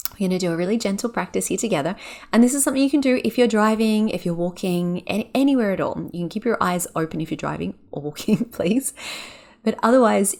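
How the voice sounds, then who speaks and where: A podcast host and yoga teacher with a lowish voice guides a breathing exercise in a gentle, soothing, unhurried way. Between exercises she turns lively, getting animated and quick when excited. She's recorded on a podcast microphone.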